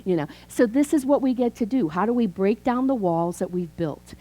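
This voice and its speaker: A woman's voice: mid-range voice, animated, normal speed, warm tone, poor audio. A woman in her fifties, a minister giving a chatty, conversational sermon, telling stories and acting out dialogue. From Chicago. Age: 50s. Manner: chatty storytelling, acts out dialogue.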